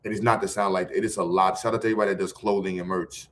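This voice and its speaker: A man's voice: sits low, fairly even intonation, rapid-fire, a bit bright, a little hiss or hum. A middle-aged man, talking casually and loosely in slang, full of restarts, as a guest on a livestream. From Brooklyn, New York. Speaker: guest, educator running a program.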